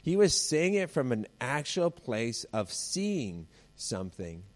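A man's voice: mid-range voice, sing-song, takes it slowly. A male pastor delivering a sermon in an easy, conversational tone. He moves between everyday family stories and scripture and acts out the voices of the people he quotes.

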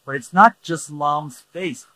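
A man's voice: fairly high pitch, takes it slowly, bright, forceful tone, no echo, poor audio. A man preaching a sermon who restates his points and keeps asking the congregation "right?". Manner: repeats points, asks the room "right?". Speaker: pastor.

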